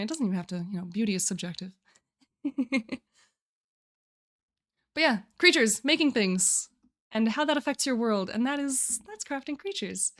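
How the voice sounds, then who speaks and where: A young woman streaming live, chatting casually and giggling often as she walks through her writing challenge. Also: on the high side. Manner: chatty, giggly, restarts phrases.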